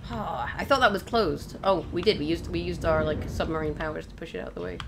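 A young woman hosting a let's play talks casually over the video game she's playing, chatting with viewers and exclaiming at on-screen events. Her voice sits low and she speaks fairly quickly. Game ambience is clearly audible behind her, making the background noisy.

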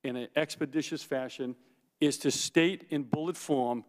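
A man testifying as a forensic investigator at a hearing, speaking with deliberate emphasis and repeating his key points. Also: fairly high pitch, in a large hall. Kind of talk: prepared testimony. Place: congressional hearing room.

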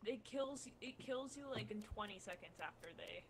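A woman's voice: mid-range voice, animated, normal speed. A young woman rambling with lots of fillers as she chats with friends during an online party game. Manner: rambling, hesitant with many fillers. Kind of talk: casual game chat with friends.

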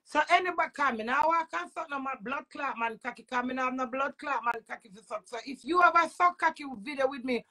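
High-voiced Jamaican woman ranting. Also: fast talker, hardly any pauses, pushed and bright. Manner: agitated, repetitive, swearing. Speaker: vlogger. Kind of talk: emotional rant to camera.

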